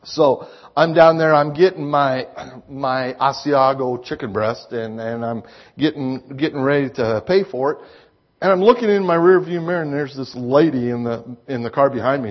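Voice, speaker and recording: Husky folksy preacher man. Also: mid-range voice, moderate pace. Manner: folksy storytelling preacher, emphatic rises. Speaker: pastor. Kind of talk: sermon with personal stories. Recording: slightly dull lo-fi sound.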